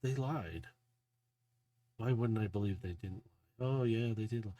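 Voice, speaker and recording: A man's voice: lowish voice, a little slow, dark tone, dry recording, lo-fi sound, close to an everyday voice. Man doing a shaken female robot, fierce and urgent. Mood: stunned. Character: emotional female robot from a lost homeworld.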